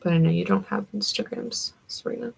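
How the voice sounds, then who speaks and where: A woman's voice: medium pitch, a little fast, vocal fry, darkish tone, husky, low-quality recording. A young woman with a Southern accent hosting a livestream, chatting in a rambling way and answering comments from her viewers. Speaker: livestream host. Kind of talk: casual chat with viewers.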